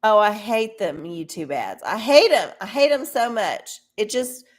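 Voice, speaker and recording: A woman's voice: medium pitch, expressive, a little slow. A woman hosting a livestream, chatting casually to her viewers in a profane, ranting way. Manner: talks to viewers directly. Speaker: livestream host.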